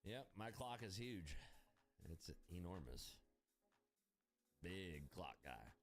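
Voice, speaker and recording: A man livestreaming his futures trading, chatting casually with viewers, profane, excitable and jokey. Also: low-pitched, slow pace. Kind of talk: casual live-stream chat, answering viewers.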